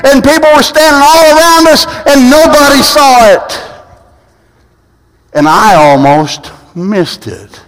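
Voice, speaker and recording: High-voiced male pastor preaching in a reverberant hall. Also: expressive, takes it slowly, fairly bright tone. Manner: storytelling with many restarts and repeated words. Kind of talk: sermon. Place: church sanctuary. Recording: long reverb of a large hall.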